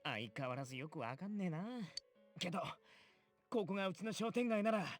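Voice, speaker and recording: Snarky teen boy, blunt and grumbly, talks super fast. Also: high voice, expressive, faint music behind. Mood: puzzled. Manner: blunt, grumbling, rough-edged speech. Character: brash teenage boy, sarcastic and skeptical. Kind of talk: anime game voice acting.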